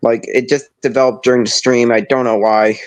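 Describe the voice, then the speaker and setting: A man's voice: mid-range voice, little pitch movement, fairly quick. A young man with a slightly nasal, stuffed-up voice, chatting casually on a stream with rambling, restarting sentences. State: stuffed-up nose. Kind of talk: casual chat.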